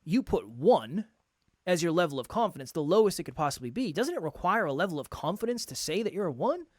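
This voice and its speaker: A man co-hosting a casual podcast, talking fast and animated, circling back and restarting his thoughts. His voice sits fairly high. The sound is dry and close. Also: no room sound. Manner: animated, restarts thoughts, self-deprecating jokes. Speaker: podcast co-host.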